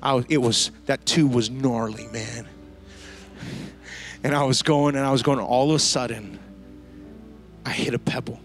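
A man preaching a sermon to a church congregation, telling a lively story and using casual slang. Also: medium pitch, moderate pace, pauses often, faint music behind. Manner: storytelling, animated, slangy asides. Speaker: pastor. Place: church service before a congregation.

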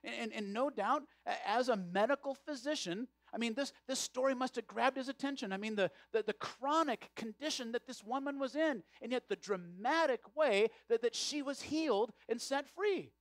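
A man's voice: very high-pitched, moderate pace, hardly any pauses, no echo. A male pastor preaching a sermon, often repeating words as he restarts his phrases.

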